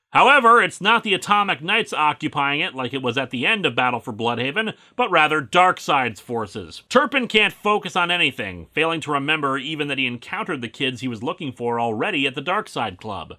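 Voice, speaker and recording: A man's voice: fairly high pitch, bright, forceful tone. A man reviewing comic books in comedic narration, full of sarcastic, wry asides.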